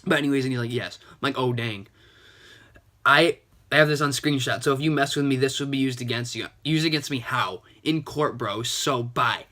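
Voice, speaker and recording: A young man, a YouTuber covering games, recounts in casual, sarcastic vlog style how a scammer messaged him, peppering it with "and he's like." He's a bit sick and sniffling, with a mid-range voice at a moderate pace that comes across pushed and bright.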